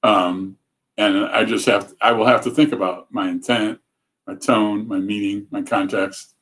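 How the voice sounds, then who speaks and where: This is a man hosting a casual livestream in a slightly low voice. He talks in a loose, rambling way. He cuts himself off and picks the thread up again. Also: steady tone, measured pace, fairly bright tone. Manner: rambling, self-interrupting, chatty. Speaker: show host.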